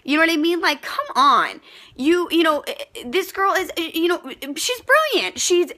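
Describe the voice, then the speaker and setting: A woman's voice: very high-pitched, very animated, normal speed, bright, forceful tone. A pregnant young woman ranting frankly to camera, heated and profane, with many fillers and restarts. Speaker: vlogger. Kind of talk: casual rant to camera.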